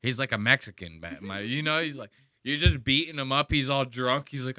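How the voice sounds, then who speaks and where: A man's voice: medium pitch, brisk, bright, forceful tone, dry recording, clean studio sound. A man hosting a podcast, ranting and mocking in profane, casual commentary on a clip he plays. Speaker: podcast host.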